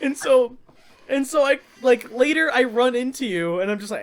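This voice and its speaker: A young man co-hosting a podcast, telling a story in an animated, casual way and acting out quotes. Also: extremely high pitch, a little fast. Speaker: podcast co-host.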